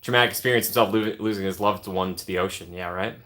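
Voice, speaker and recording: A man's voice: low-pitched, quick pace, a bit bright. A young man casually chatting on a live stream, reading and answering viewer comments with playful teasing.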